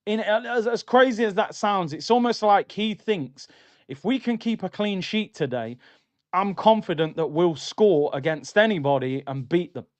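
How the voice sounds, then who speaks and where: A man hosts a live football watchalong, chatty and opinionated as he reads out viewer comments. His voice sits a little high. The recording is dry, with no room sound. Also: expressive, normal speed, no room sound. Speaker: livestream host.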